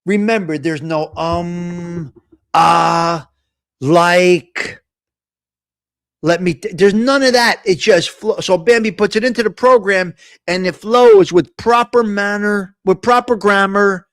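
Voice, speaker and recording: A man's voice: sits high, takes it slowly, fairly bright tone, no echo, studio quality. A man hosting a casual live stream, talking in a rambling, blunt way with mocking asides. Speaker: host of a live talk stream.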